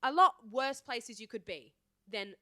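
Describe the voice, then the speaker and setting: A young woman, co-hosting a podcast in a playful, animated, storytelling chat. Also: on the high side, a little slow, no echo, studio quality. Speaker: podcast co-host. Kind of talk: casual chat.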